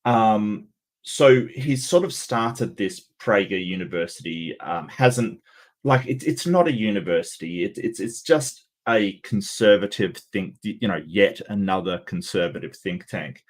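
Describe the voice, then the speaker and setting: A man hosts a casual livestream and reacts to clips in a sarcastic, halting way, restarting his sentences often. His voice sits fairly low. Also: expressive. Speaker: livestream host.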